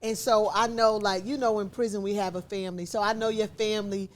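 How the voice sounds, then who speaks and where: A woman with a mid-pitched voice hosts a relaxed interview podcast. She is supportive and often repeats her guest's words back to her. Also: fairly quick. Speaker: podcast host. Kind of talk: casual interview chat.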